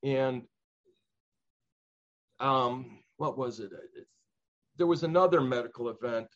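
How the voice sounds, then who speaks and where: An older man from Chicago, recounting childhood memories in an interview, earnest and reflective, pausing and restarting often. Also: medium pitch, fairly bright tone. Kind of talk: personal storytelling interview. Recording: slightly dull lo-fi sound.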